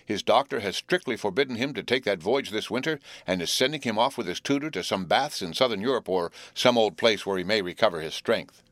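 A man's voice: on the low side, expressive, a bit bright, no room sound. A man voicing a cheerful teenage boy who teases his friends while telling news. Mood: teasing. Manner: teasing, drawn-out storytelling.

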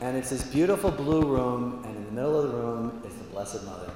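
A man's voice: medium pitch, a little hiss or hum. Man telling a joke in an echoey hall. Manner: animated, slows down for punchlines. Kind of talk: storytelling a long joke to an audience. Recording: echoey hall, faint ambience.

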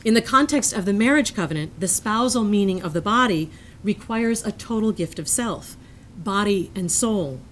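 Woman lecturer, reading prepared text, mid-pitched voice, earnest, measured, faint rumble behind. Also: expressive, fairly bright tone. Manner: measured and earnest, breaking into self-amused asides.

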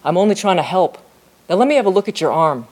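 A woman voicing a grown male teacher who speaks calmly and reassuringly to a hurt boy. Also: lowish voice, fast. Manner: calm, reassuring. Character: gentle adult male teacher on recess duty.

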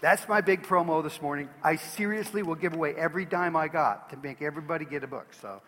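A man's voice: on the high side, fast talker, fairly bright tone, big-room sound, slight background noise. A man preaching as a pastor, earnest and emphatic, pleading with his listeners. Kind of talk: sermon.

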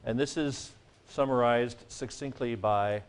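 A man's voice: medium pitch, measured pace, smooth. A man lecturing a class on grammar, joking and playful, now and then singing vowel sounds to make a rule stick. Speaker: Greek teacher.

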